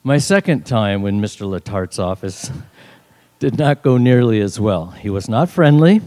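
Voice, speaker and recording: A man's voice: lowish voice, animated, a little slow, a little mellow. An older man from northern New York telling a funny personal story at a live story slam, with dry, wry humor. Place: stage at a live event.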